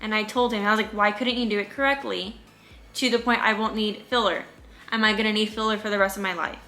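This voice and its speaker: Bright-voiced woman telling an indignant story. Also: medium pitch, fairly even intonation, quick pace, soft background music. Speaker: vlogger. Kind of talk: storytime vlog.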